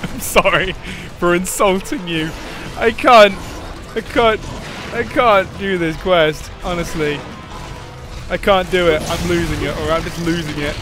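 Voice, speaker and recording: A man's voice: high-pitched, measured pace, fairly bright tone. A man doing casual gameplay commentary, giggling and laughing through his words. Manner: giggly, keeps breaking into laughter. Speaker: gameplay video host. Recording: game music behind the voice.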